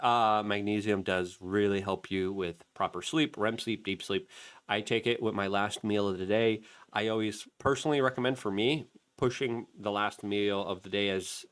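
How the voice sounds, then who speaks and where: A middle-aged man hosting an independent media channel, giving heated commentary and mocking the people he quotes. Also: lowish voice. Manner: animated, mocking voices when quoting others. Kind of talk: commentary with a product plug.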